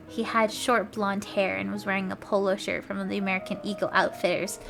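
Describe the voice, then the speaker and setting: A woman's voice: mid-range voice, brisk, vocal fry, few pauses, over music. A woman streamer reading fan fiction aloud with commentary, stumbling over words, laughing and swearing as she goes.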